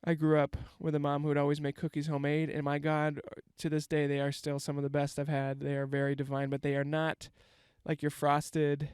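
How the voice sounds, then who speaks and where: A man's voice: a little high, monotone, a little fast, hardly any pauses, a little mellow, clean tone, no room sound, studio quality. A man, telling a rambling, self-mocking comic story and swearing freely. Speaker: comedian. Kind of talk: casual comedic storytelling monologue.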